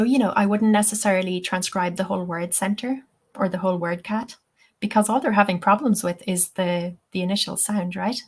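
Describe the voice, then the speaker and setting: A woman teaching English-teacher trainees in a webinar, explaining patiently step by step and often saying "okay" and "um". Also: mid-range voice. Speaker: TEFL trainer.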